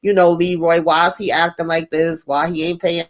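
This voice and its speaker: A woman's voice: lowish voice, level tone, moderate pace. A woman co-hosting a casual movie discussion, retelling scenes and acting out the lines with laughs. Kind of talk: casual movie recap chat.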